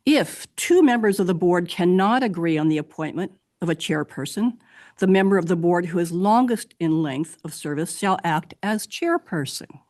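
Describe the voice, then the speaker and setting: Firm, low-voiced woman demanding action. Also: animated, normal speed, darkish tone. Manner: firm, reads legal text aloud and demands action. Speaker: public commenter. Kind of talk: public comment at a county meeting.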